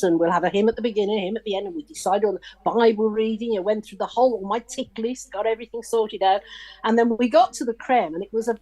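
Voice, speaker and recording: A woman, a guest on a video call, telling stories in a lively way and acting out the people in them. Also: on the high side. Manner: lively storyteller who acts out the people in her stories. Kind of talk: casual chat, telling stories.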